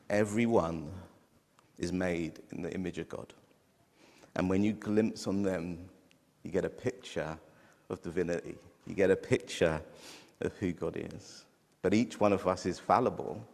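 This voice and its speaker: A man's voice: deep voice, measured pace, gravelly, a little mellow. A middle-aged man giving a heartfelt sermon as a preacher. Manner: heartfelt, tearful at times. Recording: long hall reverb.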